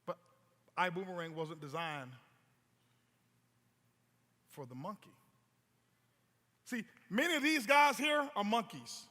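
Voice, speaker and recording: A man's voice: high-pitched, slow, long pauses, sharp tone. A man giving a stage presentation as a motivational speaker, telling stories with emphatic repetition. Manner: storytelling, emphatic, repeats words. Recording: long hall reverb.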